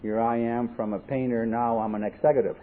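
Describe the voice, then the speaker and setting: A man's voice: mid-range voice, flat delivery, a little fast. A man speaking at a recovery convention, telling his life story with jokes and acting out the dialogue. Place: convention hall. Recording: tinny lo-fi 1979 tape, faint hiss.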